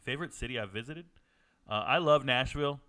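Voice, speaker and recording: Bright-voiced man joking with his chat. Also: medium pitch, fairly quick. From Georgia. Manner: joking banter with chat, excited outbursts. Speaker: streamer hosting a watch party. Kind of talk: casual live-stream commentary.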